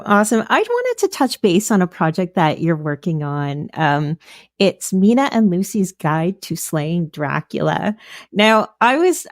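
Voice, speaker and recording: A woman hosting a podcast chat, her lowish voice full of gravelly fry. She gushes with enthusiasm and sprinkles in fillers as she talks. The recording is dry and close. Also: no room sound. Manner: enthusiastic, gushing, filler-heavy. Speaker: podcast host. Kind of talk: casual interview chat.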